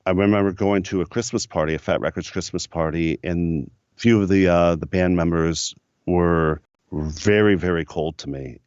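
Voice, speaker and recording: A middle-aged man from the United States recounts his studio years in an easygoing, filler-heavy way. His voice sits low and deep. The recording is dry and a touch dull. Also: darkish tone, no echo. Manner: rambling anecdotal storyteller with many fillers. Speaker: record producer, podcast guest. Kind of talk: casual storytelling interview.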